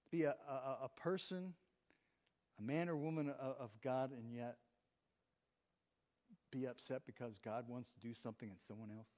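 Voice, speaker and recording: A man's voice: medium pitch, fairly even intonation, normal speed, pauses often, a little mellow. Preacher man in a reverberant hall. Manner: conversational preaching, reads scripture aloud, chuckles. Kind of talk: sermon. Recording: long reverb of a large hall.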